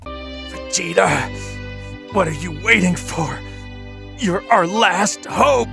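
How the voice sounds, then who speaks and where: A desperate anime fighter hero. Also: male voice, high voice, expressive, slow pace, creaky, full character voice. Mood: urgent pleading. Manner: strained, pleading battle shouts. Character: adult male alien martial arts hero, urgent and determined. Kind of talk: dubbed anime film clip. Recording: film audio with battle music, echoey.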